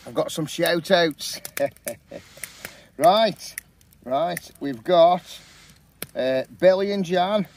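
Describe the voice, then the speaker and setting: A middle-aged man chatting in a relaxed, upbeat way as a camping vlogger, talking into a handheld camera outdoors at a campsite. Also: a little high, extremely slow, pauses often, slight background noise. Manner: chatty, upbeat, says "awesome, mate" often. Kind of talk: casual vlog chat.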